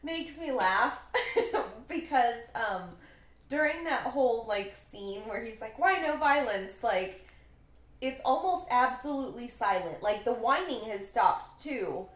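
A woman's voice: fairly high pitch, lively intonation, slow. A woman co-hosting a podcast, playfully retelling a TV episode in casual, chatty talk. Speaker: podcast co-host. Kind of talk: casual chat recapping a TV episode. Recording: echoey room.

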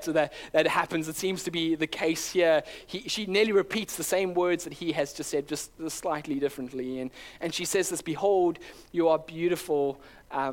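A man with a slightly higher voice delivers a sermon to his congregation. He preaches earnestly and conversationally, circling back and restarting phrases as he builds his points. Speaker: pastor.

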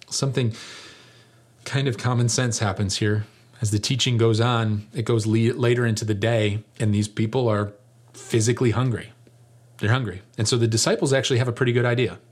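A man preaching a sermon as pastor, animated and jokey, acting out the lines he quotes. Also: mid-range voice.

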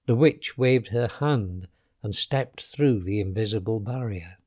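A man narrating a children's storybook in an expressive, unhurried way. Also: fairly low pitch.

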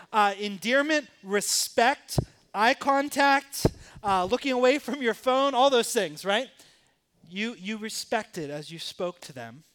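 A man's voice: high voice, a bit bright. A man preaching a sermon in a church, voicing the father and sons in the story with dramatic emphasis. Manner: dramatic, acts out the sons' and father's words. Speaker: pastor. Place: church sanctuary.

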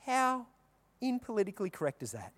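Aussie guy preaching, animated storytelling, big echoey hall sound. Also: high voice, a little fast. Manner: animated storytelling, acting out characters' lines. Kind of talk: sermon. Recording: long reverb of a large hall.

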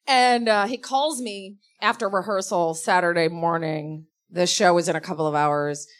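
A young woman, a comedy writer, telling funny stories in a lively, laughing way and acting out the people in them. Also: lowish voice, moderate pace. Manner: animated, laughs often, acts out voices in her stories. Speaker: comedy writer and guest storyteller. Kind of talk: casual comedic storytelling before a live audience.

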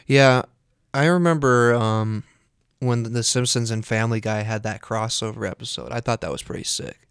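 Male radio co-host, smooth clear voice, upbeat casual chatter, dry studio sound. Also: mid-range voice, moderate pace, fairly bright tone, no echo. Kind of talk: casual chat.

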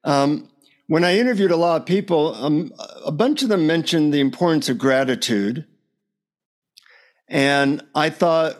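A man speaks as a podcast guest over a remote call. His voice is fairly high for a man. He tells anecdotes in an animated way and often chuckles. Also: unhurried. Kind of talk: casual storytelling interview.

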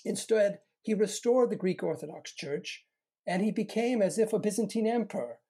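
A middle-aged historian giving a long, measured answer in an academic discussion, restarting phrases as he goes. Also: medium pitch, warm tone, slightly rough. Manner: measured, lecturing with frequent restarts.

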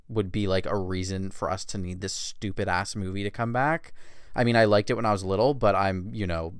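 Late-twenties man, low, clear voice, blunt and profane celebrity news takes. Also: dry recording, studio quality. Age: late 20s. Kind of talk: snarky celebrity gossip commentary.

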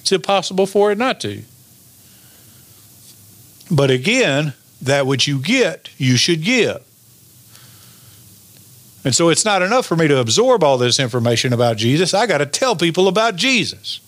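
Slow, emphatic preacher man. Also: a little high, big pitch swings, a bit bright, no room sound. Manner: preaches with call-and-response, draws out key lines slowly. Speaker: pastor. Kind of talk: sermon.

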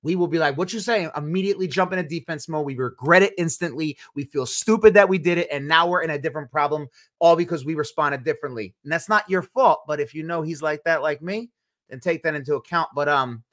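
A man's voice: a little high, fairly bright tone. A man hosting a podcast, speaking in a frank, earnest way about himself. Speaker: podcast host. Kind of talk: casual podcast chat.

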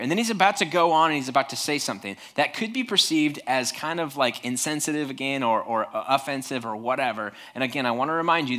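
Chatty pastor with a bright voice. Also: male voice, medium pitch. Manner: conversational, many restarts, acts out quoted voices. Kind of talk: sermon.

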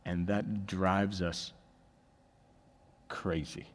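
A man preaching a sermon as pastor, swinging between quiet asides and loud emphatic peaks in a large church hall. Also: low-pitched, flat delivery, very slow. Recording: long reverb of a large hall.

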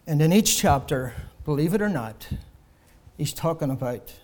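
A man preaching a sermon to a congregation, building to loud emphatic peaks and then dropping low, with repeated rhetorical questions. He gets short of breath as he goes. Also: lively intonation, moderate pace.

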